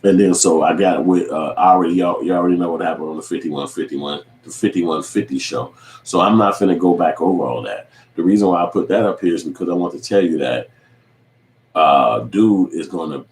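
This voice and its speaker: A man's voice: very deep voice, a little fast, darkish tone, recorded from a distance. A man hosting his own show, giving a loose, profane recap with acted quotes. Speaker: online show host. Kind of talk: casual recap monologue. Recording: echoey room with faint ambient noise.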